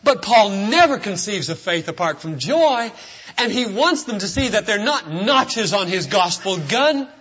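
Male pastor, sermon, husky, high and lively pitch, muffled lo-fi sound. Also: unhurried. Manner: emphatic, explains a verse step by step.

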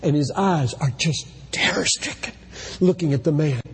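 A man preaching a sermon from the pulpit with impassioned delivery, at times rising to shouts. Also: a little high, moderate pace, in a large hall, a little hiss or hum. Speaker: pastor. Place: church sanctuary.

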